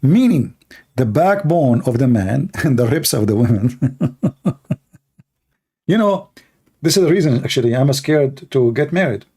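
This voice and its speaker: A man's voice: medium pitch, animated, a little slow, pauses often, warm tone, breathy edge. A man giving sarcastic, mocking livestream debate commentary in broken English. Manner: broken, non-native English phrasing. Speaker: online debater.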